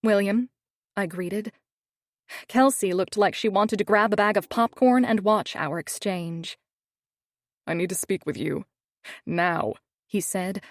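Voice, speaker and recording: A woman's voice: medium pitch, dry recording, studio quality. Woman narrating a romance audiobook. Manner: wry, snarky.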